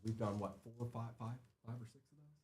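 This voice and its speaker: A man's voice: medium pitch, fairly quick, a little mellow. A man hosting a live card break, chatting casually and rattling off names as he opens packs.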